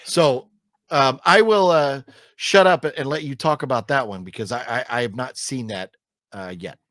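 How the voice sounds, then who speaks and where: A man's voice: medium pitch, moderate pace, a bit bright, dry recording. Man griping on a movie podcast, dry sound. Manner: rambling, many fillers and restarts; exasperated, emphatic griping. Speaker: co-host reviewing films. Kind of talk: casual chat review.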